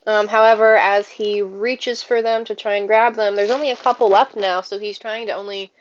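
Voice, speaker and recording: A woman narrating a tabletop game as game master, relaxed and halting with many fillers. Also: medium pitch, dull audio, slight background noise.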